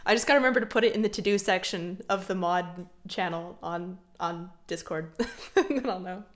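A woman chatting casually on a live stream, reading chat and giggling often, with soft, mumbly trailing speech. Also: on the low side, moderate pace. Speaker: streamer and singer.

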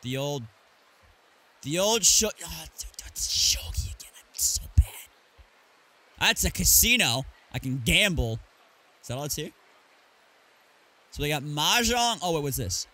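Guy streaming a game, kinda high bright voice, jumps around a lot, reads out loot and cracks jokes. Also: sing-song, unhurried, long pauses. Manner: chatty, reads item names aloud, jokes at the game. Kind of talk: casual gameplay commentary.

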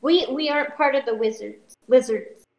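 High-voiced woman playing a tabletop game. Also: gravelly, roomy sound, low-quality recording. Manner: quick, playful, with stops and restarts. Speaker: player.

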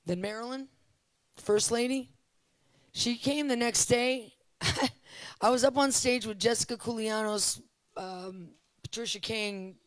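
A middle-aged woman preaching at a conference, telling testimonies in an animated, emphatic way and repeating phrases for emphasis. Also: mid-range voice, dry recording, poor audio.

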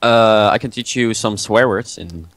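Young man, Dutch accent, low voice, dry recording, halting. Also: a bit bright, no room sound. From Netherlands. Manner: hesitant English with many uhs. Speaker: gaming YouTuber guest. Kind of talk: casual gaming chat.

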